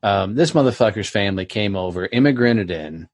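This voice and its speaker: A man's voice: fairly low pitch, lively intonation, a little fast. A man telling his story on a podcast in a blunt, profane, storytelling way. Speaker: podcast guest. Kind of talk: casual podcast chat.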